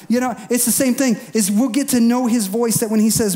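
A male pastor giving a sermon in a conversational, folksy way, at times acting out quick voices to make a point. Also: very high-pitched, steady tone, mellow. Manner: bursts into acted voices for emphasis.

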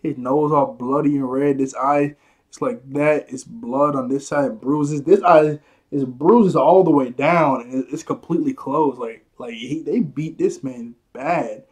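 A man's voice: medium pitch, measured pace, a little mellow, slightly rough. A man casually reviewing a manga chapter, rambling and restarting his sentences, with chuckles along the way.

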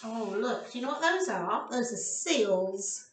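Storyteller for toddlers, slow sing-song reading, high lively pitch; roomy, distant recording. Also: female voice, a little hiss or hum. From England. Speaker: childcare storyteller. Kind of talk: reading a picture book to small children.

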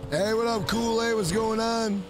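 A man with a rather high voice, talking loosely to his chat during a gaming live stream. He thanks viewers one by one and keeps tagging "bro" onto his lines. Faint game music plays underneath. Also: steady tone, a little slow. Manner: talks straight to chat, repeats "bro" often.

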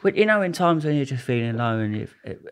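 A man's voice: medium pitch, very animated, fast, clear, resonant tone. A young Englishman, a podcast guest telling stories in a rambling, laughing way with many restarts. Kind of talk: casual storytelling.

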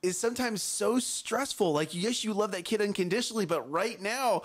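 A man with a high-sitting voice co-hosts a parenting talk show, speaking at normal speed with few pauses. In casual chat he tells animated stories full of repeated phrases.

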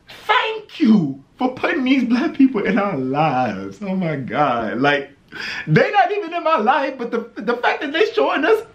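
Excitable North Carolina vlogger, very lively pitch. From North Carolina, USA. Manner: loud, exclaiming, breaks into singing and shouts. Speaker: vlogger reacting to cooking videos. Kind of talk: excitable reaction commentary.

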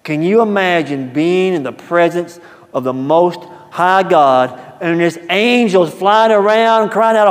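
A man preaching a sermon, telling a story in a folksy, animated way that swings from hushed asides to loud, emphatic quotes. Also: on the high side, a little slow, pauses often. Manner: folksy, repeats words at the start of phrases. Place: church sanctuary. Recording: long church-hall reverb.

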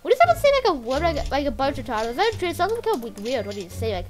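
A woman casually commenting while playing a game, rambling and excitable with lots of filler words. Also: high-pitched, quick pace, few pauses, music in the background. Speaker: gameplay channel host.

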